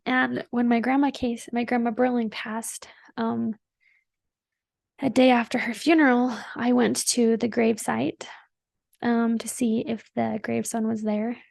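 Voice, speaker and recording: A woman's voice: fairly high pitch, level tone, measured pace, creaky, a little mellow, dry recording, studio quality. A woman hosting a podcast, telling a personal story in a chatty, earnest and emotional way, full of "like" fillers. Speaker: podcast host.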